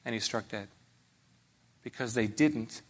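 A man's voice: medium pitch, unhurried. A man preaching a sermon in a conversational way, often checking in with his listeners.

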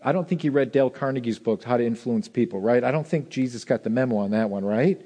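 A male pastor preaching a sermon, swinging between loud emphasis and soft asides. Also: medium pitch, fast talker.

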